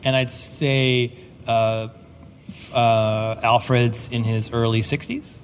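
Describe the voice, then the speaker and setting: A man's voice: mid-range voice, fairly even intonation, slow. Middle-aged man, comic writer, rambling, stammering restarts, casual swearing, convention hall reverb, audible noise. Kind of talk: casual panel talk. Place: convention panel room.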